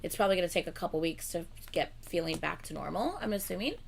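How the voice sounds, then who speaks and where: This young co-host of a livestream talks fast and casually, rambling along with many "like" fillers and laughs between her lines. Her fairly low voice is expressive and creaky, and a little hiss or hum can be heard.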